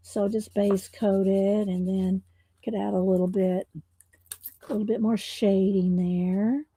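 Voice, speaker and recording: A woman's voice: medium pitch, dark tone. Chatty woman hosting a coloring stream. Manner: rambling, many fillers and restarts, chuckles. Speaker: coloring livestream host. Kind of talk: casual chat while coloring.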